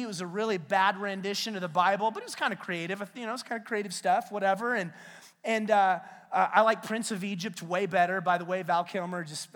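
Animated male pastor in reverberant sanctuary. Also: sits high. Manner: animated storyteller, retells scripture in casual slang. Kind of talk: sermon. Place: church sanctuary. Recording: long hall reverb in a church.

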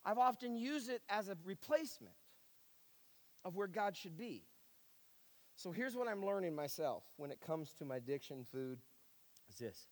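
A man with a fairly high voice preaches to his church, earnest and repeating his points, with wry sarcasm aimed at himself. His voice rings out with a long reverb in a large hall. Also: animated, normal speed, pauses often. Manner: earnest, repetitive, self-deprecating sarcasm. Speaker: pastor. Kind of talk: sermon.

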